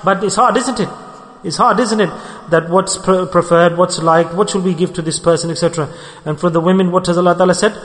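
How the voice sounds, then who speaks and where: A man preaching a sermon, animated and lively, acting out the people he quotes and mixing religious terms into his talk. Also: high voice, brisk, in a large hall. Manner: animated, acts out quoted people, mixes Arabic and Urdu terms.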